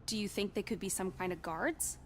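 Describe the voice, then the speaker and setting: A woman's voice: medium pitch, fairly quick, slight background noise, close to an everyday voice. A woman voicing a practical, sceptical young journalist in a game, heard over game music. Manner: skeptical, practical.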